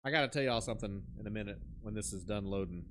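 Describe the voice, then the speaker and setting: A man's voice: on the low side, quick pace. A man streaming a horror game, chatting casually and telling jokey stories, mimicking people as he goes. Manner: animated, jokey storyteller who mimics people. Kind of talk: casual gaming commentary.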